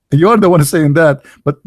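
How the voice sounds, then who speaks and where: A sarcastic man from the Middle East holds forth in English, slipping in fillers and laughing at his own jokes. His voice sits a little high and sounds close and dry, with no room behind it. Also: slow, dry recording. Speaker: channel host. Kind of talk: mocking monologue.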